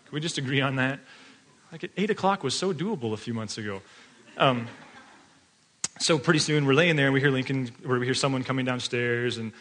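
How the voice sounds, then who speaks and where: Chatty, bright-voiced male pastor. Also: mid-range voice, a little fast, slight background noise. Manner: chatty, filler-heavy, often laughing while telling stories. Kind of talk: conversational sermon with storytelling.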